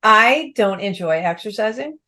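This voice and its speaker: A woman's voice: mid-range voice, animated, a little slow, sharp tone. A woman hosting an interview, asking questions in an enthusiastic, chatty way. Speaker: host. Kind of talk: interview questions, casual chat.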